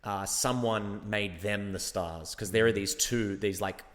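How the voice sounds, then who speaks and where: A man's voice: fairly low pitch, steady tone, measured pace, a bit bright, big-room sound. An Australian man, an actor and guest, chatting casually and thinking aloud, often restarting his sentences. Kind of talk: casual podcast chat.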